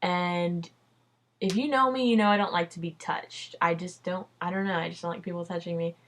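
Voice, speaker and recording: Her voice is lowish and fairly even in intonation, moving fairly quickly over a little hiss or hum. She's a young adult vlogger relaying a personal story in a loose, chatty way, full of "like," "dude," and swearing.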